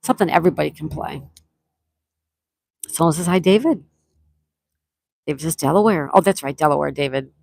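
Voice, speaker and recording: A low-voiced woman with a gravelly edge and a Buffalo, New York accent hosts a relaxed live stream. She reads viewers' comments aloud and answers each one in a chatty way. Her voice is dry and close, with no room sound. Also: a little fast, long pauses, dry recording. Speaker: livestream host. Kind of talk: casual live-stream chat.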